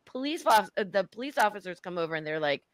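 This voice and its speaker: A woman telling a story in casual chat on a podcast, animated, swearing freely and laughing as she talks. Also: medium pitch, fast, dry recording, low-quality recording. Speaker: guest.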